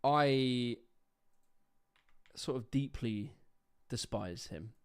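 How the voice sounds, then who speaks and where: A young man hosting a livestream reacts to clips, ranting casually and sarcastically while swearing freely. His mid-range voice is smooth, and he draws out his words.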